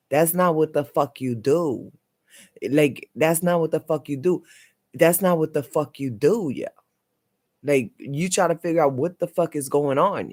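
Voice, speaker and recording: A man speaks in a slightly high voice, ranting into his vlog. He swears nearly every line, circles back over the same phrases and punctuates them with "yo". His tone stays agitated and accusatory throughout. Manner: profane, repetitive, keeps tagging lines with "yo". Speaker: vlogger. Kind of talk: heated personal rant.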